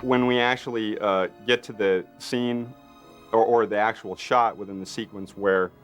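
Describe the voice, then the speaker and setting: A man recounting effects work in an interview, animated and full of fillers, acting out what others said. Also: fairly low pitch, normal speed, clean tone, faint music behind. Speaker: makeup effects artist interviewee. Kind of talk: documentary interview anecdote.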